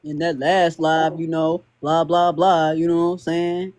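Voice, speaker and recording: A man's voice: a little high, flat delivery, a little mellow. Man, joking around, slangy livestream panel talk. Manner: loose, joking, slangy, quick laughs. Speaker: podcast panel host. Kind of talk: casual banter on a livestream.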